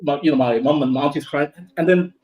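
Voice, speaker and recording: A young man from Somalia tells a spooky story to his friends in loose, casual chat. He talks in an animated way, swearing freely and tripping over repeats and restarts. His voice sits a little high for a man. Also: quick pace, rough recording.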